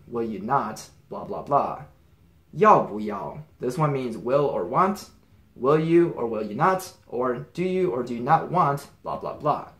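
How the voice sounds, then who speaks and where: Male teacher, casual lesson, easygoing step-by-step explainer, echoey room. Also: mid-range voice. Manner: relaxed, explains step by step with examples. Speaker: language teacher. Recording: roomy echo.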